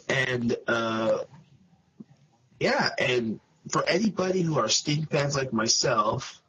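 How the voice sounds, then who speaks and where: A man's voice: medium pitch, expressive, takes it slowly, a bit bright. Brash, ranting man on a dull, noisy line. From San Francisco Bay Area. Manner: brash, ranting, swears freely. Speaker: guest panelist. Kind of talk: casual wrestling review chat.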